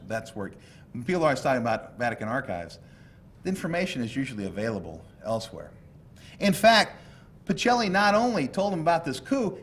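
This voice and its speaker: A man from the United States giving a lecture with slides, telling history as animated stories with asides and jokes. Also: mid-range voice, a little hiss or hum. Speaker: law professor lecturing.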